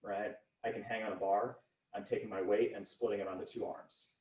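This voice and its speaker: A man's voice: fairly low pitch, flat delivery, brisk, a little mellow, slightly rough. A man teaching a casual online physics lesson, chatty and demonstrating with his body as he explains. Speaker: high school physics teacher.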